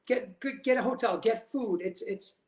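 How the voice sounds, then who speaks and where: A man's voice: high voice, normal speed. Man, host, casual chat, upbeat, joking, roomy echo.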